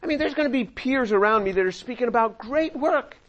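An older man with a high voice leads a Bible study, talking through the verses in a conversational way. He acts out the voices he quotes and slips in small chuckles. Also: animated, brisk, muffled recording. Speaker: Bible teacher and chemist.

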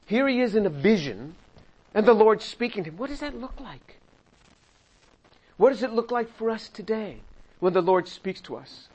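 High-voiced older man teaching scripture. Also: sing-song, normal speed, pauses often, darkish tone, breathy edge, dull audio. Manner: conversational, acts out quoted voices with chuckles. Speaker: Bible teacher and chemist. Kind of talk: Bible study teaching.

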